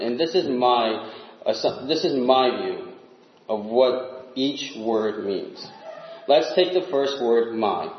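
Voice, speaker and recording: A man preaching a sermon in an earnest, emphatic way, dropping low and quiet on the words he stresses. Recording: echoey room, dull lo-fi sound.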